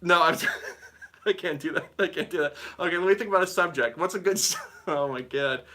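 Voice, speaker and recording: Giggly guitar teacher man, bright voice. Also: on the high side, fairly quick. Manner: giggly, rambling, reads chat aloud. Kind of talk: live-stream guitar lesson with chat.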